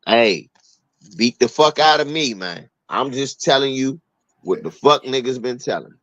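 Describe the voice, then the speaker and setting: Animated storytelling man from D.C. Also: moderate pace, dry recording, low-quality recording. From Washington, D.C. area. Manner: animated, profane, acts out quotes with big pitch jumps. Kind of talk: casual storytelling chat.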